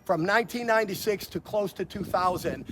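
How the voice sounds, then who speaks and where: A man's voice: high-pitched, a little fast, noisy background. A man, telling stories in a casual interview, blunt and profane, often stammering and restarting his sentences. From Chicago. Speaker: interview guest.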